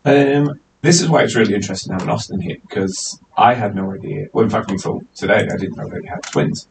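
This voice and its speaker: A man hosting a casual podcast, teasing his guests and jumping up high when excited. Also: fairly quick, creaky. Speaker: podcast host. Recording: distant mic, faint hiss.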